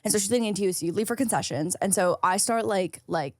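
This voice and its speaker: A young woman co-hosting a podcast, telling a story in casual chat, full of "like" and quoting people in a high, put-on voice. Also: fast, no room sound, clean studio sound. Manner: animated, lots of "like", quotes people in a high put-on voice. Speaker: podcast co-host.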